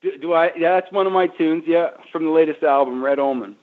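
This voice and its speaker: A man from Canada, a guest musician, telling stories in a rambling, animated way during a casual interview. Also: a little high, fairly quick. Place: his kitchen. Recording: tinny phone line.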